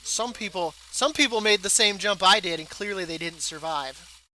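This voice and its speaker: A man streaming live, chatting casually while he plays a game, in a rambling, animated way full of filler words. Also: high voice, normal speed, rough recording.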